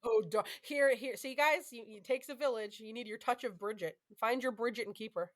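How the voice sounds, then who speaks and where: Woman, 30s, podcast host, casual chat, candid, filler-heavy, slightly high voice. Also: moderate pace. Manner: chatty, candid, frequent fillers.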